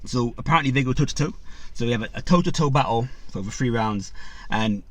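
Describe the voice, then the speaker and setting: A man's voice: mid-range voice, quick pace, noisy background. A man hosting a boxing channel, casually retelling a story with lots of fillers, briefly acting out the people in it and turning to talk to his viewers. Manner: retells a story with many fillers, acts out quotes, addresses viewers.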